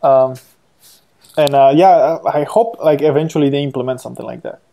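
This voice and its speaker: Casting: man, co-host, easygoing, hesitant, joking, mid pitch. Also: fairly quick, gravelly, dark tone. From South America. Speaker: podcast co-host. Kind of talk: casual chat.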